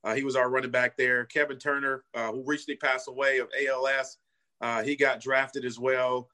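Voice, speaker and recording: A middle-aged man from California with a bright, forward tone recounts his past as a former football player. He talks earnestly and casually, peppering his story with "you know" and "man," at an everyday pitch. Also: level tone, moderate pace.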